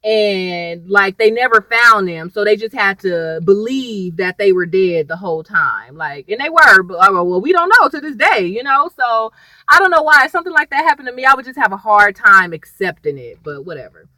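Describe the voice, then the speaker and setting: A woman's voice: medium pitch, lively intonation, normal speed, pushed and bright, dry recording, rough recording. A woman chatting through a TV episode recap, rambling and wandering off on tangents while talking to her viewers. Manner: addresses viewers as "y'all". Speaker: TV episode reviewer.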